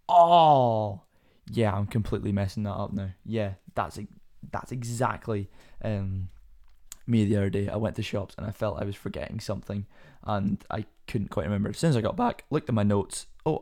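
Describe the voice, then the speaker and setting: A man's voice: on the low side, fairly even intonation, fairly quick, creaky, a little mellow. A young man hosting a casual solo podcast, rambling and self-deprecating with many fillers and restarts, his voice sometimes cracking. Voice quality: voice cracks at times. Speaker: podcast host.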